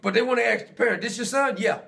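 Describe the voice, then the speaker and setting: A man preaching a sermon, retelling scripture in lively, animated storytelling and acting out the dialogue with laughs. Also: extremely high pitch, quick pace, vocal fry.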